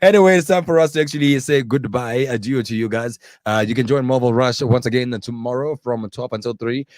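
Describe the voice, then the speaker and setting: A young man with a South African accent hosts a campus radio show, talking in a relaxed, rambling way full of "um" and "uh". His voice sits at a middle pitch and sounds close and dry in the studio, with no room echo at all. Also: a little fast. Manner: laid-back, rambling with fillers. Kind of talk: casual radio banter.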